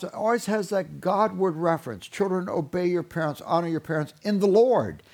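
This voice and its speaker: A man's voice: on the high side, darkish tone. A man leading a Christian parenting seminar, speaking in an easy, conversational voice. He stumbles over repeated words as he gathers his thoughts. He slips into the voices of parents and children to make his points. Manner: acts out parents and children in quotes. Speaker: parenting teacher.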